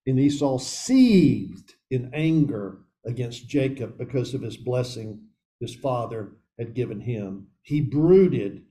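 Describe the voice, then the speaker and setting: Man reading scripture, earnest teaching, mellow dark tone, middle pitch. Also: lively intonation, slow pace, rough recording. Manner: earnest, addresses listeners as guys. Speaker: men's Bible study teacher.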